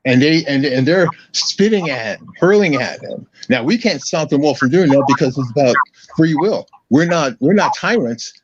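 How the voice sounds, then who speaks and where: A man's voice: fairly high pitch, lively intonation, moderate pace, background noise. Ranting man on dull lo-fi audio. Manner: ranting, combative, restarts often. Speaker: podcast guest. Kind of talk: casual political chat.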